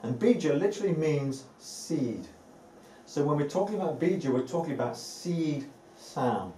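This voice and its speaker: A man's voice: on the high side, expressive, moderate pace, warm tone, far from the mic. A man giving a live evening talk to a group as a spiritual teacher, earnest and given to repeating words for emphasis, with light laughs now and then. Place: indoor room with a live audience. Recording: echoey room, voice off-mic, faint ambient noise.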